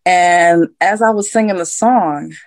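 A woman singer talks as a guest in a casual interview, in a very low voice. She tells her stories candidly and laughs often. The sound is dry and close. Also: a little slow, dry recording. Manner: candid storytelling with frequent laughs.

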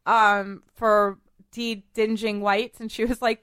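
A woman's voice: mid-range voice, level tone, slow pace, a bit bright, clear, resonant tone, no room sound. A woman hosting a podcast and giving cleaning tips in casual chat. She is chatty, laughs easily and uses lots of fillers. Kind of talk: casual chat mixed with how-to instructions.

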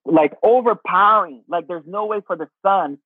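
Man, expressive spiritual advisor, slightly high voice, husky, tinny phone-quality audio. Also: normal speed, no echo. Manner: expressive, swears casually, calls people honey. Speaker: spiritual teacher guest. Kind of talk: casual spiritual advice chat. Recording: tinny phone-like line, dry.

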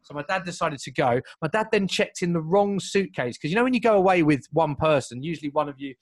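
A young man telling a long story in casual chat, lively and full of asides and restarts. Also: on the high side, dry recording. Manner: animated, fast, piles up asides and restarts.

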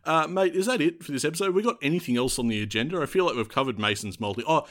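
Australian male podcast co-host, jokey and animated, lively pitch. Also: racing. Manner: jokey, laughs often, animated. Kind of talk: casual sports chat.

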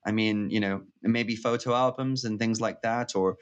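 A man co-hosting a casual movie podcast, speaking in a thoughtful, wry, measured way. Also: on the low side, fairly even intonation. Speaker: podcast co-host.

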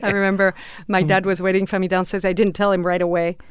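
A woman in her fifties from France with a French accent, chatting as an interview guest. She talks in a loose, chatty way, fills her speech with "you know," and laughs off dark topics. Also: medium pitch, level tone, quick pace. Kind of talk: casual conversation.

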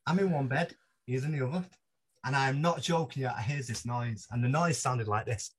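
A man, a podcast guest telling animated stories with casual swearing. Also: a little high, husky. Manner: lively, laughs through his stories, swears casually. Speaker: podcast guest, mentalist blogger. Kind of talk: animated anecdotal storytelling.

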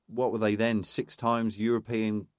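A man, co-hosting a casual football podcast, telling stories and stats in quick bursts. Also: fairly low pitch, little pitch movement, dry recording, clean studio sound. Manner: storytelling, quick bursts with restarts. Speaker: podcast co-host presenting stats.

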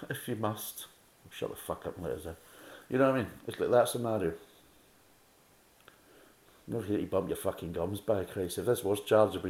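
A Scottish man with a low, deep voice rants through a casual beer review, blunt and sarcastic and swearing freely. His voice rings off the walls of an echoey room. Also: a little mellow. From Scotland.

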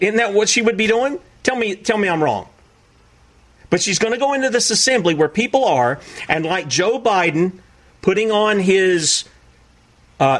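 Speaking in a high voice and a little slowly, this preacher reacts to clips with animated disbelief. He frequently imitates the voices of the people he's talking about.

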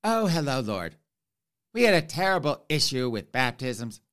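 A man doing a fussy prim bishop, nervous, clear, bright tone. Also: mid-range voice, big pitch swings, moderate pace.

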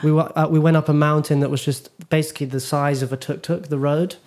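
A man's voice: fairly high pitch, little pitch movement, quick pace, darkish tone. A young man from Britain hosting a podcast, telling rambling stories in casual chat with many fillers and restarts. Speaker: podcast host.

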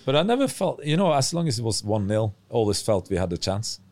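Low-voiced, halting former footballer. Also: male voice, big pitch swings, darkish tone. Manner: halting, searching for words. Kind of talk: relaxed podcast interview.

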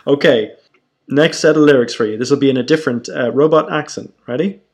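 A man's voice: mid-range voice, brisk. Upbeat man running a lyrics quiz. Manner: upbeat, encouraging. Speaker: co-host, quizmaster. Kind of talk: casual podcast chat.

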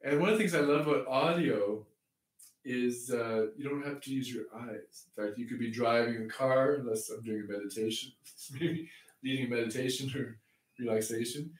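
Talking at normal speed with medium pitch, a Canadian-raised podcast host rambles through a casual conversation about faith. He chuckles a lot and often starts sentences over. There's a roomy echo from a distant mic.

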